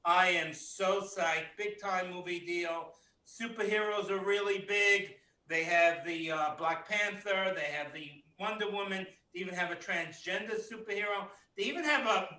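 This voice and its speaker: Bright high-voiced male comic, echoey room. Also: normal speed, hardly any pauses, far from the mic. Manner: stammering repeats, bursts of shouting. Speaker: comedian. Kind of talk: stand-up comedy over video call.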